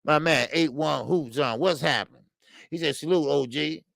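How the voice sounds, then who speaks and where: A man's voice: a little high, normal speed, vocal fry, a bit bright, no room sound. A man hosting a boxing livestream, ranting bluntly and profanely, repeating himself as he heats up. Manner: blunt, profane, repetitive, heated. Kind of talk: heated livestream rant.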